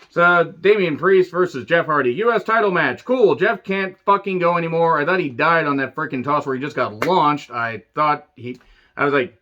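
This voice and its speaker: Sarcastic, foul-mouthed male reviewer in his 40s; bright, edgy tone, muffled lo-fi audio. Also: on the high side, moderate pace. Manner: sarcastic, profane, rambling. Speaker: wrestling show reviewer. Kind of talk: casual commentary. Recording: dull lo-fi recording.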